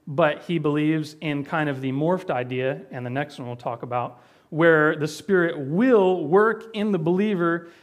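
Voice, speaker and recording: A man pastor teaching Bible doctrine in a conversational way, with many fillers and restarts as he explains. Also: on the high side.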